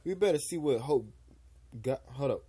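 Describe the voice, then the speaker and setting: Mellow-voiced young man reading game text. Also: mid-range voice, expressive, normal speed, slightly rough. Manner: casual, slightly stumbling read-aloud delivery. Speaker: game streamer. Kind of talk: reading game dialogue aloud with commentary.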